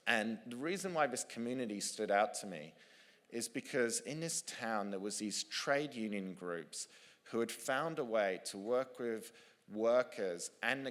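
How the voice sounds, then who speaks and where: A man, an author and speaker, telling a story to a live audience, lively and with frequent restarts. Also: on the low side, big-room sound. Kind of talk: storytelling talk on stage.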